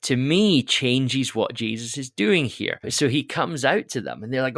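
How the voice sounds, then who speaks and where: A man's voice: medium pitch, big pitch swings, measured pace, a bit bright, no room sound, clean studio sound. A man co-hosting a podcast who explains a Bible passage in a teacherly way, often checking in with his listener. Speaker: podcast co-host. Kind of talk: casual Bible discussion.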